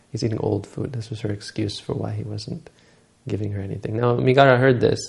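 A man retells a Buddhist story in a dharma talk, halting often and correcting himself. His voice is low and gravelly. It is dark in tone and stays flat. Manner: halting, many restarts and self-corrections.

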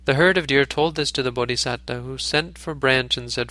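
A man reading an old fable aloud as narrator, measured, now and then correcting a slip. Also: medium pitch, pushed and bright, dry recording. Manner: measured, occasional self-corrections. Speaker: storyteller.

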